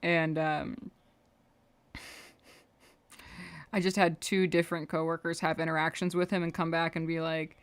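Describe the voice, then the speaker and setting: A woman's voice: low voice, little pitch movement, measured pace, pauses often, smooth. A young woman livestreaming her animation work, chatting casually, rambling and muttering to herself as she draws. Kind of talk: casual chat while drawing on stream.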